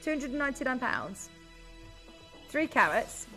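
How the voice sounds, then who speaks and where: A young British woman presenting a live TV shopping show, gushing and chatty with quick asides. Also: high-pitched, sing-song, bright, forceful tone, faint music behind.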